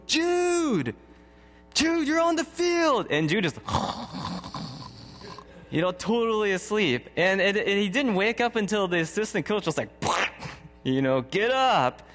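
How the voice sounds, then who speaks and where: Animated man preaching in a reverberant hall. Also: high-pitched. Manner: conversational, chuckles often, restarts sentences. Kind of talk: sermon with personal anecdotes.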